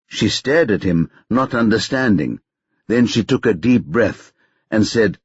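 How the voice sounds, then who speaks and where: Male audiobook narrator, low and husky, measured and steady. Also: no room sound. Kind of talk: scripted narration. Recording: dull lo-fi dry recording.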